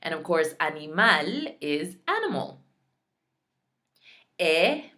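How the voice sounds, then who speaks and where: Slow, careful woman teaching Spanish. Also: deep voice, bright, forceful tone. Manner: slow, careful pronunciation drills, repeating each word; chatty asides between drills. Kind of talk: recorded language lesson.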